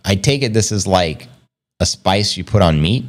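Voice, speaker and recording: A man hosting a casual livestream, rambling upbeat and slangy, reading out viewer comments and giving shout-outs. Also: fairly low pitch, sing-song, moderate pace, vocal fry. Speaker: crypto livestream host.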